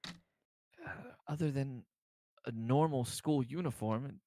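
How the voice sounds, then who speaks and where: A man's voice: mid-range voice, takes it slowly, mellow, no room sound. A man running a tabletop game as game master, speaking hesitantly with frequent ums and restarts. His voice sits in a middle register on a close, dry mic.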